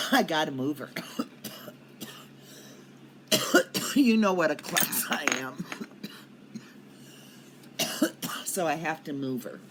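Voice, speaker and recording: A woman's voice: low voice, big pitch swings, very slow, long pauses, noisy background. An older woman chatting casually to her viewers in a rambling way, coughing often. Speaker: cannabis vlogger. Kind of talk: casual chat to camera. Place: at home in Colorado.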